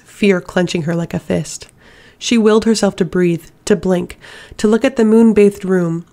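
A woman narrating an audiobook in a steady, measured reading voice. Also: lowish voice, creaky. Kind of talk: scripted narration.

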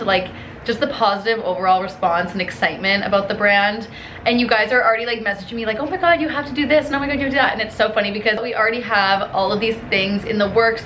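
A woman's voice: mid-range voice, bright, forceful tone, a little hiss or hum. A woman in her twenties, talking to camera in a casual vlog from her apartment, bubbly and chatty with lots of fillers. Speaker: vlogger and brand founder.

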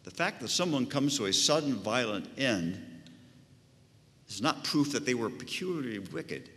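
A man's voice: medium pitch, sing-song, moderate pace, sharp tone. A male pastor preaching a sermon with an emphatic, rising and falling cadence. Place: church sanctuary. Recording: long church reverb.

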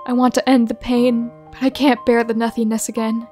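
A woman's voice: a little high, little pitch movement, fairly quick, darkish tone, soft background music, lightly acted. A woman playing a melting snowman begging for help. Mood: anguished pleading. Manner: desperate, gasping pleas. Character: dying male snowman melting in agony, pleading. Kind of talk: comic dramatic reading.

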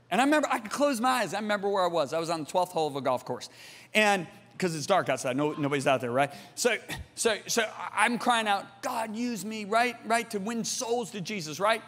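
High-voiced preacher in a reverberant hall. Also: male voice. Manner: storytelling, swings between loud appeals and hushed passages; calls out to the congregation. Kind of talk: sermon. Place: large church auditorium. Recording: long reverb of a large hall.

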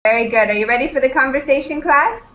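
A woman's voice: high voice, quick pace, a bit bright, low-quality recording. A young woman from British Columbia, cheerfully welcoming students one by one as an online English conversation teacher. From British Columbia, Canada. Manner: cheerful and welcoming, greets each student in turn. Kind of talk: upbeat online class chat.

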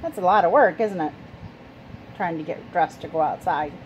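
A woman reading a picture book aloud to children, with sound words and questions for her listeners. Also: fairly low pitch. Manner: slow, animated, asks listeners questions. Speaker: storytime reader. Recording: noisy home recording.

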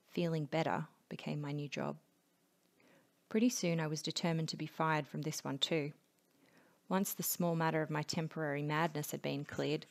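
Low, gravelly woman reading a novel aloud. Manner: steady, low-key narration, dropping to a whisper in places. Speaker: audiobook reader.

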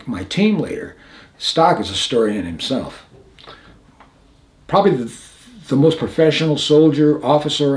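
An older man, a veteran being interviewed, telling stories animatedly, acting out the lines of others and laughing often. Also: mid-range voice. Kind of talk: storytelling interview.

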